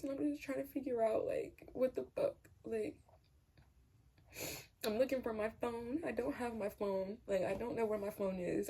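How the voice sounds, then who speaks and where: A woman's voice: a little high, gravelly, warm tone, breathy edge. A young woman candidly telling a personal story to camera, rambling and swearing freely. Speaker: vlogger.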